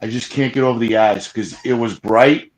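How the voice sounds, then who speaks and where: A man excitedly retelling an encounter in casual live chat, rambling with frequent restarts and fillers. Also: medium pitch, moderate pace, a little hiss or hum, poor audio. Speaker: Bigfoot field investigator guest. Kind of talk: casual storytelling on a live show.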